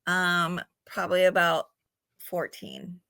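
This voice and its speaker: A woman's voice: on the low side, big pitch swings, slow, bright, forceful tone, no room sound, studio quality. A middle-aged woman talking candidly as a podcast guest, blunt and swearing freely, sometimes laughing at herself. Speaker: guest in recovery. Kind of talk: candid conversational storytelling.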